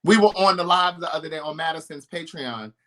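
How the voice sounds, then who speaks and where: Chatty baltimore guy, bright kinda high voice, laughs a lot. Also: fairly quick. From Baltimore, USA. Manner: animated, chatty, laughs often. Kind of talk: casual chat.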